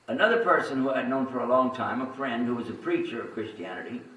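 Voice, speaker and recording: Talking at a quick pace in a medium-pitched, slightly bright voice, a religious speaker from Texas tells his personal story to an audience. He's chatty and full of asides, and the recording has the roomy sound of a distant mic.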